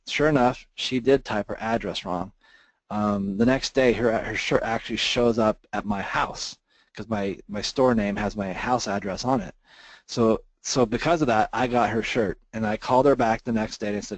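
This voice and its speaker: Earnest man pitching, choked up. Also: steady tone, moderate pace, no echo, rough recording. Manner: earnest, gets choked up telling a story. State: emotional, near tears. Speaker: webinar presenter. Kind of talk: emotional sales pitch.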